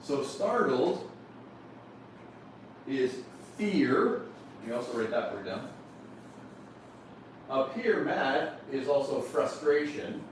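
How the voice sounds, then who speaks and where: A man leading a motivational workshop, lively and questioning his audience, often telling them to write points down. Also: medium pitch, slow, pauses often, a little hiss or hum. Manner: animated, questions the audience, repeats instructions. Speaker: seminar speaker. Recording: echoey room from far off.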